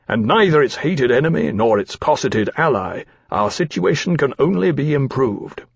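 A man's voice: medium pitch, expressive, gravelly, slightly rough, dry recording. A man doing a dry, grave captain. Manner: measured, dry, formal. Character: grave male naval-minded aviator captain, dry and measured. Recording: slightly dull, dry recording.

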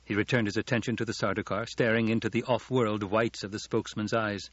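A man narrating a novel as an audiobook, in steady storytelling. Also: lowish voice, fast, no room sound. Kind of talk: scripted narration. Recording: dull lo-fi audiobook recording.

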